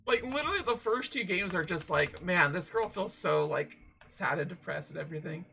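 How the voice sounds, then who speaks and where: A woman's voice: fairly low pitch, expressive, brisk, gravelly, bright, forceful tone, rough recording. A woman streaming a game, talking in rambling, chatty commentary and laughing often. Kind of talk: casual let's-play commentary.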